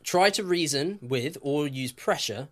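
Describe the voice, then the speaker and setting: A man co-hosting a podcast, telling history casually in a jokey, animated way. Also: fairly high pitch, measured pace. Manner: lively, jokey, swears, laughs often. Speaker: podcast co-host.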